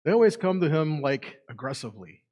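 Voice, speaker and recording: Male Bible teacher, fairly high voice, lively and questioning, reads verses aloud. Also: brisk. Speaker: teacher at a Messianic congregation. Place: congregation meeting room.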